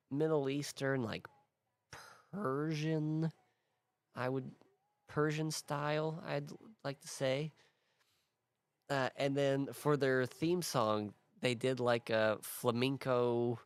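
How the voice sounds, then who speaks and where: Slow, low-voiced man musing aloud. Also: no echo. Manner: rambling, thinks aloud with restarts and laughs. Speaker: host. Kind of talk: casual worldbuilding talk.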